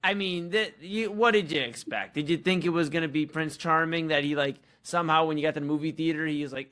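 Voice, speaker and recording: Bright-voiced man reacting in casual chat. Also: on the high side, a little fast.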